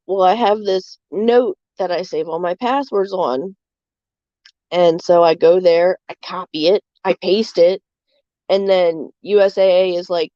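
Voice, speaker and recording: A woman's voice: mid-range voice, fairly even intonation, moderate pace, dark tone, no echo, highs cut off. A young adult woman streaming live, chatting candidly with many fillers. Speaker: livestream host. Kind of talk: casual chat.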